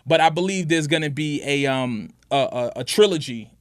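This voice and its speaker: Podcast co-host, middle-aged man, relaxed chat, slightly high voice, dry studio sound. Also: brisk, no echo. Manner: laid-back, fills with "you know what I'm saying". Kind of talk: casual chat.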